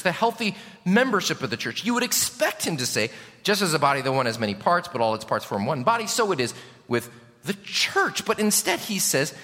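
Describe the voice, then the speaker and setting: A male pastor preaching a sermon to his congregation, animated and questioning the room. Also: high-pitched, in a large hall. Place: church sanctuary.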